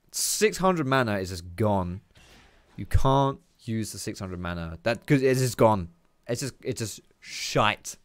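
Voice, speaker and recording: Lowish sweary gamer. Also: male voice, no echo. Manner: chatty, sweary, teasing asides. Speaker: gameplay commentator. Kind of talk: casual gameplay commentary.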